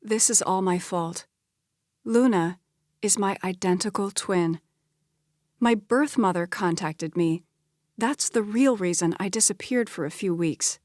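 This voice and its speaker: A woman's voice: medium pitch, a little slow, darkish tone, no room sound, studio quality, natural voice. A woman reading an audiobook, voicing an earnest, apologetic young woman. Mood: pleading. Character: spirited, apologetic young twin sister.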